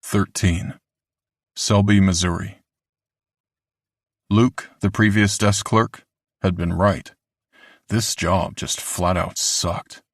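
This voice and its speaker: Male audiobook narrator, very deep voice, dry close studio sound, steady scripted reading. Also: takes it slowly, pauses often, no room sound.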